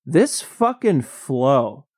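A man's voice: mid-range voice, sing-song, extremely slow, darkish tone, breathy edge, no room sound, studio quality. A young man co-hosting a podcast, rambling and joking in casual chat, laughing often. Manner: rambling, jokey, laughs a lot. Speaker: podcast co-host.

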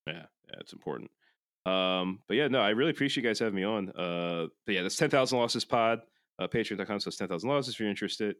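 A man's voice: fairly low pitch, quick pace, fairly bright tone, clear, resonant tone, no room sound, clean studio sound. A man with a Philadelphia accent, a podcast guest talking casually in a loose, profane, rambling way full of restarts.

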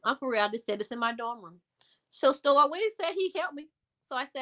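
Woman guest, lively storyteller, slightly high and bright voice, acts out quotes. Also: fast. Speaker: interview guest. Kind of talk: casual storytelling.

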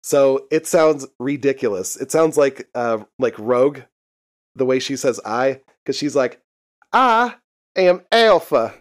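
A man's voice: medium pitch, fairly even intonation, measured pace, darkish tone. A young man co-hosting a podcast, casually recapping a TV episode, laughing often and swearing freely. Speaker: podcast co-host. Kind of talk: casual chat recapping a TV show.

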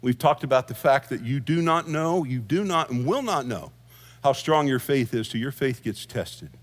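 A man's voice: mid-range voice, expressive, normal speed. A middle-aged man, a senior pastor preaching a sermon in a conversational storytelling way, with asides and easy laughs.

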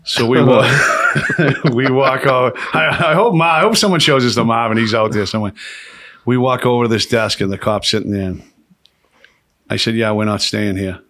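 A man, hosting a podcast and telling profane, animated stories with laughs. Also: mid-range voice, moderate pace. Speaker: podcast host. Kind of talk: casual storytelling chat.

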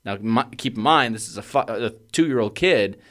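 Low-voiced man telling a wild story. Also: lively intonation, normal speed. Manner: swears freely, gets loud and worked up when retelling panic. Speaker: podcast co-host. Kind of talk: casual storytelling chat.

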